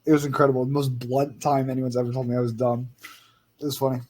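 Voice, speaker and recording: A man's voice: medium pitch, level tone, quick pace, a little mellow. A young man co-hosting a film podcast, opinionated and filler-heavy, telling stories. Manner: opinionated, lots of fillers, storytelling. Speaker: podcast co-host. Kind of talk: casual film-review chat.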